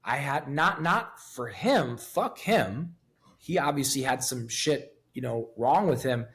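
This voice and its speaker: A man's voice: mid-range voice, lively intonation, takes it slowly, fairly bright tone. Blunt, profane man in his fifties. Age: 50s. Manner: blunt, profane and emotionally raw. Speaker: podcast guest. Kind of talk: candid interview talk.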